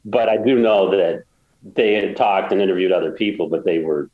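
A man's voice: low voice, moderate pace, echoey room, narrow, tinny audio. A man guest telling a story in a casual interview, rambling with many restarts and getting emotional. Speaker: guest, golf course builder.

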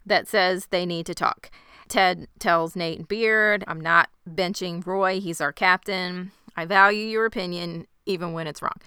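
A woman in casual chat, briskly summarizing a TV episode with side jokes. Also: lowish voice, bright, forceful tone, clear, resonant tone, dry recording, studio quality. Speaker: podcast co-host recapping a TV episode.

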